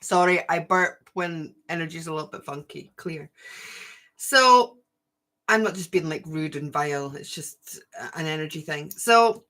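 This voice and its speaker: A middle-aged woman hosts a casual livestream and tells a long story. Her voice is bright and ringing. She talks in an animated way and acts out what each person said. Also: deep voice, a little slow. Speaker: spiritual channel host.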